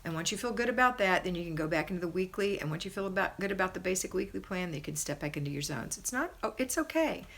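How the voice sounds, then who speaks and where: A woman's voice: fast, vocal fry, few pauses. A woman hosting a homemaking live stream, reading viewer comments aloud and praising and encouraging her viewers. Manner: chatty, with pitch rising high in excitement. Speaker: homemaking livestream host.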